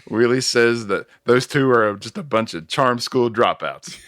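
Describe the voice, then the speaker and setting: A man hosting a podcast, casually recapping a movie scene by scene with chuckles and quick self-corrections. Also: mid-range voice, animated, a bit bright, no room sound, clean studio sound. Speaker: podcast host recapping a film. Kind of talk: casual plot recap chat.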